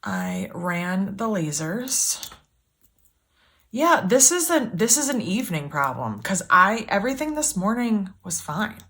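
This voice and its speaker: A woman's voice: mid-range voice, very animated, unhurried, a bit bright. A woman hosting a casual sew-along, chatty and self-deprecating, grumbling as things go wrong. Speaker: sewing channel host. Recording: clear background machine noise. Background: sewing machine running.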